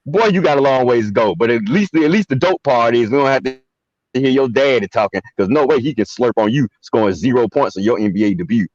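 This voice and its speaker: A man's voice: mid-range voice, animated, moderate pace, no room sound. A man co-hosting a sports talk show, teasing and mocking with jokes. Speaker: co-host. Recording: dull dry remote audio.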